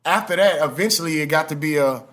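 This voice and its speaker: A man, a guest on a podcast, telling stories in a relaxed, slangy way. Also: fairly high pitch, fast. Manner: laid-back storytelling with slang. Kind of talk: casual interview chat.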